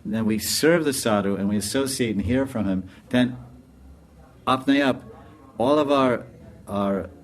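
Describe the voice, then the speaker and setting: Brief: a man of middle pitch lecturing as a swami, animated and laughing, telling a devotional story. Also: a little slow, pauses often, a little hiss or hum.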